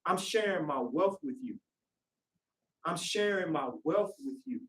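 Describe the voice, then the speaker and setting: A man preaching a sermon in casual, conversational speech, lively as he acts out voices. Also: high voice, unhurried. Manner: animated, acts out quoted voices. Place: worship hall. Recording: echoey room, voice from far off.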